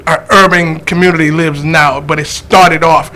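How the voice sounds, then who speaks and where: A man appears as a comedian guest on a casual talk show, trading wry jokes and stories. His voice is high and bright, and a faint noise sits behind him. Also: steady tone, moderate pace. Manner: joking, storytelling, wry asides. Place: church basement studio.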